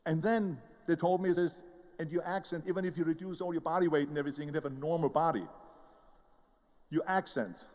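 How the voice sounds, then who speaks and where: In a large hall, an older man with an Austrian German accent delivers a forceful motivational talk, narrating his life and impersonating the figures in it. He speaks fairly quickly in a slightly high, darkish-toned voice.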